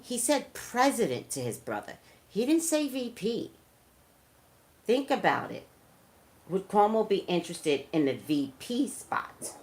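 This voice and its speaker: A woman's voice: fairly low pitch, a little hiss or hum. A woman, a psychic reader, talking emphatically straight to her viewers in casual live-stream commentary.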